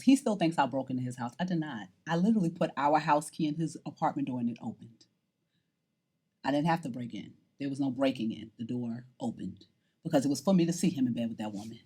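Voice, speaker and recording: Middle-aged woman from new york telling her story, husky voice, lower side, swoops all over when she gets into it. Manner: animated, theatrical, acts out voices. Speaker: documentary interviewee. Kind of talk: personal storytelling to camera.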